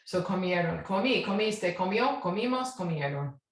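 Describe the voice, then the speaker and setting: A woman's voice: on the low side, expressive, moderate pace. A woman teaching a Spanish grammar lesson, patient and checking in often as she spells out verb endings. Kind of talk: classroom lesson. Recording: echoey room.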